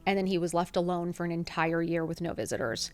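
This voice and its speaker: Expressive woman in her fifties, swearing freely. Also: on the low side. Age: 50s. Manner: emotional, rapid, swears freely, acts out quoted dialogue. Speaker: podcast guest. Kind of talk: candid storytelling interview.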